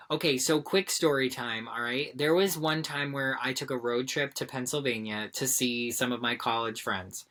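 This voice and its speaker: A woman co-hosting a podcast, telling a story in casual chat, animated and swearing freely. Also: deep voice. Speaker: podcast co-host.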